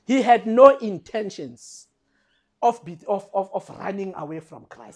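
Preacher, male, high voice, emphatic and repetitive, sermon delivery straight to the pews. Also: sing-song, measured pace. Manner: addresses the congregation directly.

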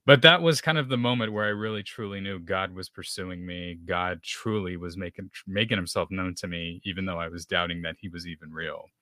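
A man's voice: low voice, steady tone, fairly quick, few pauses, bright, forceful tone, no room sound, clean studio sound. A man from Texas sharing a personal testimony as a podcast guest, talking loosely with plenty of fillers. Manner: storytelling with many fillers, acts out dialogue.

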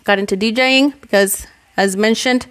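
A woman's voice: mid-range voice, moderate pace, a bit bright. A woman talking to camera in a casual, rambling vlog monologue, candid and profane, reflecting on herself. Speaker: vlogger. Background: faint music.

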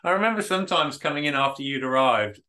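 A man's voice: fairly high pitch, animated, fast talker, pushed and bright, a little hiss or hum. A man hosting a podcast interview, speaking in a reflective, agreeable way and often chiming in to agree. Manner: reflective, agreeable, many backchannels. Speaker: podcast host. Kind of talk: casual interview chat.

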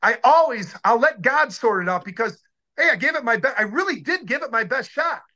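A man in his sixties, a former football player, telling stories in a casual interview with excited, rambling talk and many restarts. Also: very high-pitched, brisk.

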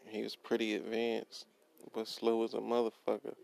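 A man's voice: on the low side, monotone, moderate pace, creaky, darkish tone, low-quality recording. A young man in a blunt, profane, casual rant about work, repeating himself and quoting what he told people. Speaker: worker ranting about his job.

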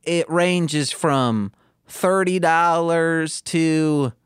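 A man's voice: a little high, extremely slow, clean tone, no room sound, clean studio sound. A man co-hosting a comedy podcast, rambling through stories and riffing on a cartoon script. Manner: rambling storytelling with impressions. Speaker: podcast co-host. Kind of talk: casual comedy podcast banter.

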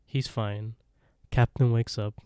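A man's voice: mid-range voice, fairly even intonation, slow, dark tone, smooth, no room sound, studio quality. A man co-hosting a podcast, recapping an episode in a rambling, casual way and acting out the characters' lines with laughs. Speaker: podcast co-host.

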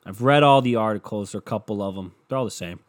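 A man's voice: on the low side, fast talker. A young man hosting a podcast alone, sick and tired, ranting with sarcasm and a lot of swearing as he jumps between topics. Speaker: podcast host. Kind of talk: casual solo podcast rant.

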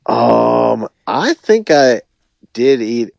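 A man, a musician guest on a podcast, chatting casually in a relaxed, rambling way with lots of hedging. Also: mid-range voice, extremely slow, gravelly, no room sound. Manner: relaxed, rambling, hedges a lot. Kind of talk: casual chat.

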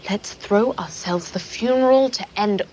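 A woman's voice: mid-range voice, unhurried, darkish tone, slight background noise, close to an everyday voice, rough recording. An actress playing a cheerful woman planning a grand funeral. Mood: gleeful.

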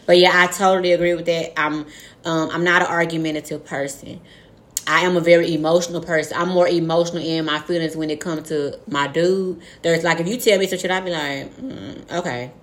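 A young woman with a deep voice talks briskly and frankly in a casual chat, swearing freely and acting out quoted lines as she tells her story.

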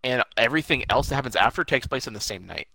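A man co-hosting a casual movie review podcast, rambling through scenes in an excited, scene-by-scene retelling. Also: medium pitch, fast talker, vocal fry, no room sound, poor audio. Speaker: podcast co-host.

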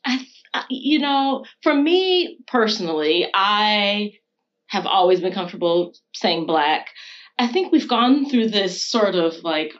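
An American woman talking things through at a measured, reflective pace, often reaching for fillers as she thinks. Her voice sits at a middle pitch, and the recording sounds slightly dull and muffled. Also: sing-song. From United States. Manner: thoughtful, frequent fillers like "you know" and "um". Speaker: guest. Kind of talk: casual conversation.

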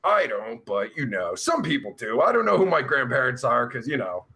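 A man's voice: medium pitch, sing-song, normal speed, bright, forceful tone. A young man hosting a live stream, reading out chat and answering in a rambling, profane, sarcastic way with groans and sighs.

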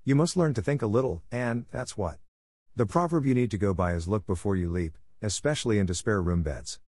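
A man's voice: lowish voice, lively intonation, fairly quick, darkish tone, no echo, studio quality. A man voicing a stern, gossipy older village woman who lectures in an emphatic, self-satisfied way. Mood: disapproving.

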